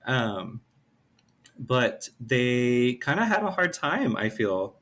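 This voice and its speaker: A man with a medium-pitched voice recaps a story on a casual podcast. He talks loosely, full of fillers and hedges, with no rush. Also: slow pace. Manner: relaxed, hedging with lots of fillers. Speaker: podcast co-host.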